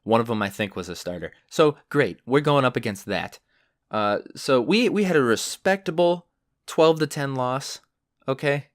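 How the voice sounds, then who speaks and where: A young man hosting a podcast and telling stories in a rambling, sarcastic way, with lots of fillers, and his pitch jumps when he gets worked up. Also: animated, normal speed, no room sound, studio quality. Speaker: podcast host. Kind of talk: casual solo storytelling.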